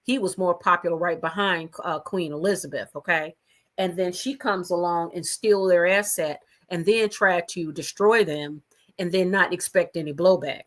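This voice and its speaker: A woman's voice: fairly low pitch, normal speed. A woman hosting a casual gossip livestream from her own room at home, talking chattily and straight to her viewers. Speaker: livestream host.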